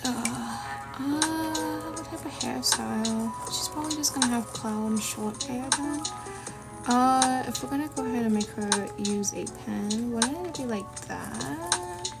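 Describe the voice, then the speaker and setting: A woman's voice: sits high, unhurried, gravelly. A woman chatting casually and rambling to viewers while she draws, sniffly from a runny nose. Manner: chatty, rambling, self-deprecating asides. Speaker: art streamer. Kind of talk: casual chat while drawing. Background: lofi music.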